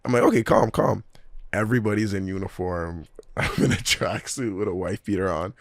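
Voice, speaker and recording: A young man with a very low voice recounts stories in a loose, laughing way, full of street slang. The sound is dry and close, with no room around it. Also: fairly quick, dry recording. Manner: animated, laughing, slang-heavy storyteller. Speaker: professional footballer guest. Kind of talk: casual storytelling interview.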